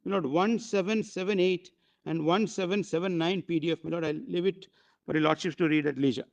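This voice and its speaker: A man arguing a case before judges in a courtroom, formal and deferential, often pausing with fillers. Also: a little high, steady tone, creaky. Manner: formal, constantly addressing the bench, hesitant fillers. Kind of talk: courtroom legal argument.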